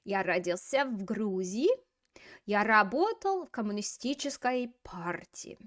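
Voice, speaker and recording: A woman voicing an imagined older Soviet leader who gives slow, plain, measured answers. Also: medium pitch, expressive, fairly bright tone. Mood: matter-of-fact.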